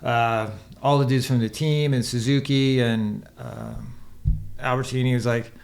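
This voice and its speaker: A man's voice: medium pitch, steady tone, measured pace, gravelly. A man who is a podcast guest and former motocross racer, telling a long, rambling, profane story in casual chat and acting out the quotes.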